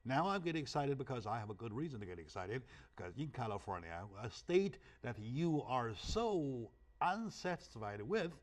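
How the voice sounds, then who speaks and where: This man, a talk show host whose native language is Chinese, speaks in a sing-song, medium-pitched voice at a moderate pace. His interview style is punchy and emphatic, full of rhetorical questions and frequent "right?"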